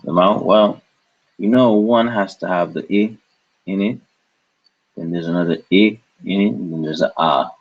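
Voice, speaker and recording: A man gives a patient, unhurried language lesson, sounding out each syllable again and again. His voice is low and a little husky. The recording is dull and lo-fi. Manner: patient, repeats each syllable several times. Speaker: language teacher. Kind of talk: slow spoken language lesson.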